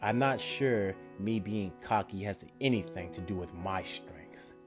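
A man voicing a cocky young ninja hero in a homemade storytelling video, his voice dropped low and drawn out. Each threat comes slow and self-assured, with soft music faint in the background. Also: natural voice.

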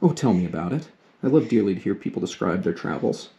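A man voicing a lively, frank teenage girl, eager and a little awkward, as he reads a storybook aloud. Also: deep voice, fast.

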